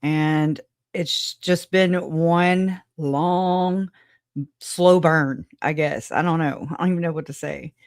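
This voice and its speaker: A woman's voice: deep voice, fairly even intonation, takes it slowly, no room sound, studio quality. A woman hosting a casual livestream, greeting viewers by name, chatty and frank, laughing often. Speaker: livestream host.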